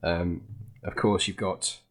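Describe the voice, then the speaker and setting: A man's voice: low voice, flat delivery, slow pace. A man narrating as game master of a tabletop game over voice chat, hesitant with lots of ums.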